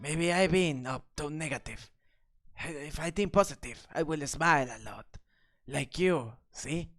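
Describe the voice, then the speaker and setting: A woman's voice: low-pitched, unhurried. A woman streamer chatting playfully and giggling on a live stream. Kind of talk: casual live-stream chat.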